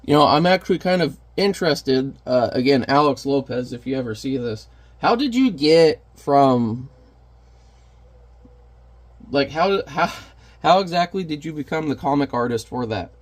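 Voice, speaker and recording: A man's voice: mid-range voice, animated, normal speed. A man who is a parent, chatting casually and candidly while painting on camera, rambling and self-deprecating. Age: adult parent.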